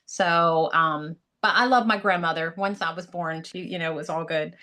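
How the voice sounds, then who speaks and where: A middle-aged woman talks on a group video call in a lowish voice. She is chatty and warm in her words, filling pauses with ums and uhs. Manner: chatty, many fillers. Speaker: call participant. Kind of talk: casual chat on a video call.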